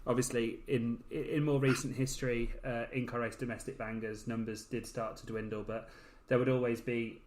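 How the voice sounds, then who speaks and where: A man's voice: mid-range voice, flat delivery, moderate pace, a little mellow, roomy sound, low-quality recording. A man from Birmingham, a guest on a podcast, chatting casually and often restarting his phrases. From Birmingham, England.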